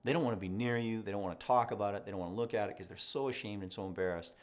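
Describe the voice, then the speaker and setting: A middle-aged man, a mindset coach, giving animated reaction commentary, often tossing in "right?" and acting out little parent and child exchanges. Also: on the low side, very fast. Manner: animated, conversational, frequent "right?" asides, acts out parent and child voices.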